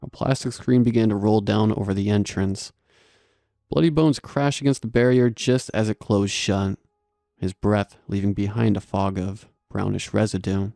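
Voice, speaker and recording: A man narrating a horror story in a steady scripted delivery. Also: fairly low pitch, moderate pace, creaky, no echo, clean studio sound.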